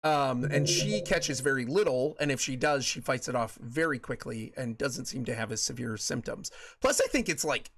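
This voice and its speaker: A man's voice: medium pitch, expressive, normal speed, hardly any pauses, a loud crowd. A man in his thirties hosting a live game stream, chatting casually with his viewers in a rambling way, with plenty of repeats and fillers. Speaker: streamer host.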